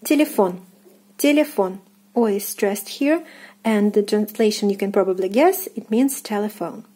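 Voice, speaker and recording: A young adult woman with a Russian accent, a native Russian speaker, teaching a casual language lesson in a slow, explaining way with many fillers and self-corrections. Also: mid-range voice, expressive, mellow, husky.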